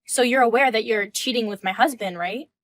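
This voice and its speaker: Woman playing a firm wife in her thirties, higher pitch, cold and questioning. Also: brisk, fairly bright tone, no room sound, lightly acted. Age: 30s. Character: composed wife in her mid-thirties, indignant. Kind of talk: reading a text-message story.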